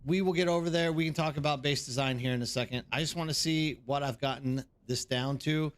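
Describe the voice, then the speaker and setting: Man host, fairly high voice, live gaming stream, casual rambling chat with viewers. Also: brisk.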